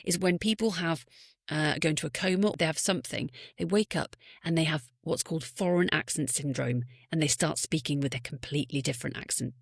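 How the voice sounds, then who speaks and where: A woman voice actor with a neutral southern English accent, talking in a lively casual podcast chat and laughing often. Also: deep voice, fairly quick, gravelly, dry recording, studio quality. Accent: southern English, received pronunciation. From Scotland. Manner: chatty, enthusiastic, laughs often. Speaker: voice actor and audiobook narrator.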